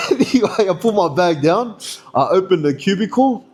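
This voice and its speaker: Young Australian man, slightly high voice, loose slangy yarn-teller who laughs through his story. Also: moderate pace. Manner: laughs often, slangy, swings high when excited. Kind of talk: casual storytelling.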